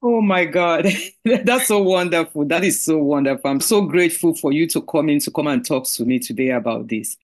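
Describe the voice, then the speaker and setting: A woman's voice: deep voice, expressive, normal speed. A woman hosting a podcast over a video call, effusive and full of praise for her guest. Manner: warm, effusive. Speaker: podcast host. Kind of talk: casual chat on a video call.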